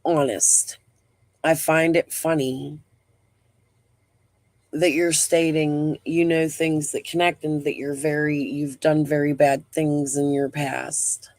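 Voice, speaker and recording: A woman's voice: low-pitched, flat delivery, takes it slowly, darkish tone, dry recording. A middle-aged woman hosting a casual live stream. She talks bluntly, rambles, swears freely and breathes heavily.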